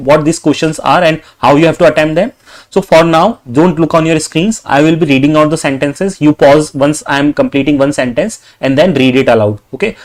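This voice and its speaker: Male tutor, Indian English accent, slightly high voice, dictates sentences slowly, leans on "okay". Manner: repetitive filler "okay", slow dictation of sample sentences. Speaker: exam prep tutor. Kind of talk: tutorial narration over screen.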